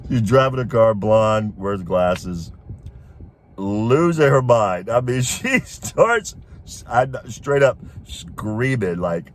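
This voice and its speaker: A man giving casual political commentary in an opinionated way, chuckling often as he talks. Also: mid-range voice.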